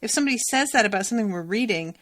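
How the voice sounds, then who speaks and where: A woman's voice: mid-range voice, expressive, racing, fairly bright tone. A woman co-hosting a podcast, chatting casually and retelling scenes with acted-out quotes and frequent laughs. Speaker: podcast co-host. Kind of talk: casual chat recapping a TV episode.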